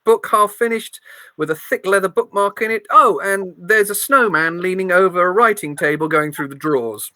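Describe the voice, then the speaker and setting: A woman's voice: on the low side, normal speed, sharp tone, no echo. A woman running a tabletop game as game master, narrating scenes with playful description and small slips.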